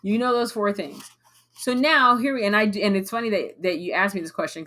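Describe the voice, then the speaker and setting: A woman sales coach on a live coaching call, blunt and animated, swearing and mimicking her clients. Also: lowish voice.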